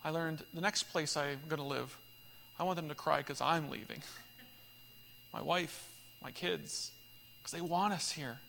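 A man preaching a sermon in a high, bright, ringing voice. He tells stories earnestly and punches key lines with loud emphasis. The sound carries a long church-hall reverb. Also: measured pace, vocal fry, long pauses, a little hiss or hum. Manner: earnest, animated storytelling with sudden loud emphatic peaks. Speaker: pastor.

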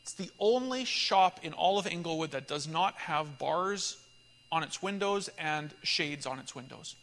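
Animated pastor preaching in a hall. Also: male voice, a little high, a little slow. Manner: earnest, animated storytelling with sudden loud emphatic peaks. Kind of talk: sermon.

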